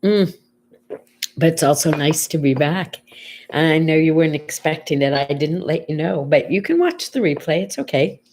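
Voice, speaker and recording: A woman's voice: sits low, lively intonation, moderate pace, darkish tone, slight background noise. An older woman hosting a casual morning chat show, telling stories in a chatty way and quoting people as she goes. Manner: chatty storytelling, quotes others in conversation. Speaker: host.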